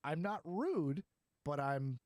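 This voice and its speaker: A man's voice: a little high, big pitch swings, takes it slowly, darkish tone, no echo. A man hosting a podcast, talking in a casual, rambling way and laughing easily. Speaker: podcast host. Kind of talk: casual chat.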